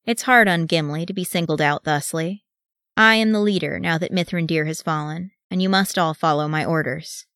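A woman voicing a calm male human leader who speaks even and firm, recorded dry. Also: sits low, normal speed, no room sound.

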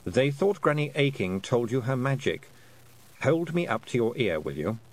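A man's voice: very animated, normal speed, lightly acted. A man voicing a dry, knowing male talking toad who murmurs wry asides. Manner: low, confiding, wry. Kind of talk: audiobook character voice.

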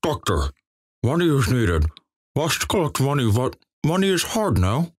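A man's voice: a little high, sing-song, no room sound, studio quality, pitched above the performer's own voice. A man putting on a mumbly, broken-English brute of a gamer. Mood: earnest. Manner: halting broken English, mumbly as if mouth full. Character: gruff broken-English male gamer copying a big gunner.

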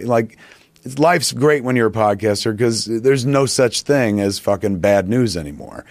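Casual male storyteller, swears a lot, rambles; low voice, dry close mic. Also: lively intonation, a little fast, dry recording. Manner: profane, rambling anecdote with acted-out quotes. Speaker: podcast guest.

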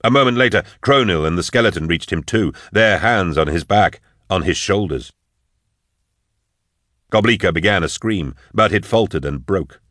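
A man reading an action story aloud in steady, measured audiobook narration. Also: low voice, no room sound, studio quality.

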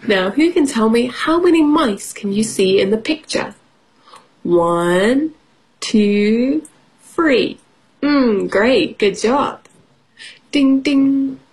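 A woman's voice: on the high side, animated, slow, a little mellow, breathy edge. A woman teaching English on the radio, reading a children's storybook playfully, with sound effects and questions for the children.

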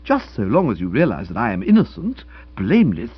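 A fussy, flustered young author gabbles out excuses in a raised, stammering voice that a man puts on, the pitch leaping about. The sound is husky and a little dull, like a lo-fi audiobook recording. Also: wildly swooping pitch, brisk, dry recording, heavily acted. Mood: injured. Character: flustered young male author, talkative and self-justifying. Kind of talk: audiobook character reading.

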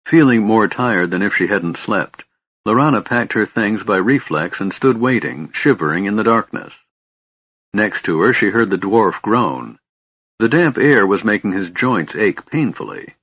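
A man narrates a fantasy audiobook at a measured, steady pace. His voice is low and husky. The recording is dry and slightly dull. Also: no echo.

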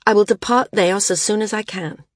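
A woman reading the lines of a proud, wounded woman flyer in an audiobook, quiet and measured. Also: medium pitch, no room sound, clean studio sound, pitched above the performer's own voice, close to an everyday voice.

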